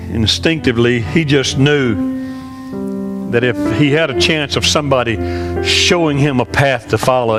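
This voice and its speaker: A man in his sixties, a pastor, telling an earnest story in a sermon, halting and often repeating himself. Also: medium pitch. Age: 60s.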